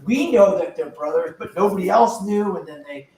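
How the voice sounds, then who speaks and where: A man's voice: sits high, lively intonation, moderate pace, darkish tone. An older man casually and enthusiastically telling a long rambling story about a movie on a panel. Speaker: podcast panelist. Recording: echoey, distant from the mic.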